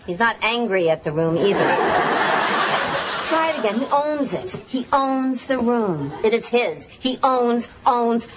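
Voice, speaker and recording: A woman's voice: fairly high pitch, animated, measured pace, pauses often, noisy background. An actress playing a self-assured female soap-opera star who talks in a theatrical, coaching way. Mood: instructive. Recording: dull TV audio with studio audience laughter.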